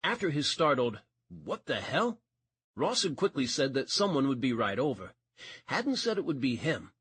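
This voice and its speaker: A man's voice: mid-range voice, sing-song, normal speed, fairly bright tone, slightly rough, no echo. A man narrating a romance audiobook, reading expressively and changing voice for each character.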